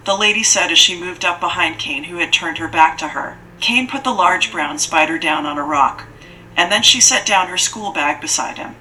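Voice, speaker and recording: Bright-voiced woman narrating a fantasy audiobook. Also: lowish voice, normal speed, slight background noise, low-quality recording.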